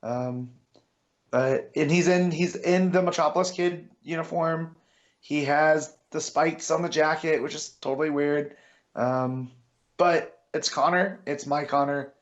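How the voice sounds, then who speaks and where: A man's voice: fairly high pitch, steady tone, measured pace, muffled recording. A man co-hosting a podcast, talking eagerly and chatting casually with fillers. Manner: eager, enthusiastic fan talk with fillers. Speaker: podcast co-host. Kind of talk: casual chat.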